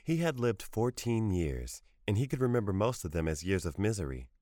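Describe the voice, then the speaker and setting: A man narrates a short story in a very low, measured voice. The recording is dry and close with no room around it. His reading is even and unhurried. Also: dry recording.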